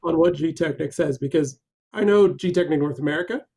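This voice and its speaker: Gravelly man reading viewer questions. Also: fairly high pitch, a little fast. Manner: reads viewer comments then answers in relaxed, rambling chat. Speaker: guest answering viewer questions. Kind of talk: casual live Q&A, reading comments aloud.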